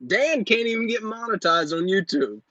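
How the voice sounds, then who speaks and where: A man in his thirties runs a live Q&A, brash and joking and full of motivation, his voice sitting a little high for a man. The sound is dull and dry, as if captured on a phone. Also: animated, normal speed, sharp tone, no echo. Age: 30s. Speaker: host and business coach. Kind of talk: live Q&A stream.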